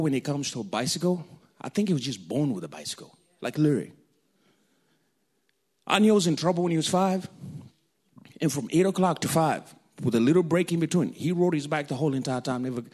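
A man from Kenya, preaching a sermon through animated, jokey personal stories. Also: a little high. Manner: animated, jokey storytelling, laughs often.

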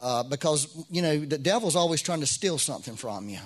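A man's voice: a little high, lively intonation, fairly quick, hardly any pauses, husky. A middle-aged man preaching a sermon as pastor, in a conversational way with frequent restarts and rising bursts of emphasis.

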